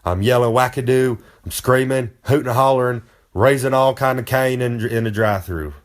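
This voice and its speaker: In this comic bit of advice, a wrestler with a mid-range voice talks at normal speed. He's full of himself, rambling folksily and using the third person for his own name.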